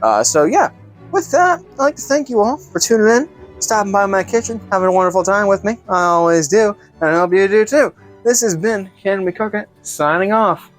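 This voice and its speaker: A man's voice: sits high, animated, brisk, soft background music. A man hosting a comedic cooking vlog, narrating in a playful, mock-grand showman way. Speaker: cooking show host.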